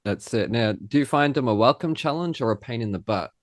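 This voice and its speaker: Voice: mid-range voice, lively intonation, brisk, dry recording, clean studio sound. A podcast host asking a guest questions in a chatty, casual way. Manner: chatty, laughing at own stories. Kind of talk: casual interview chat.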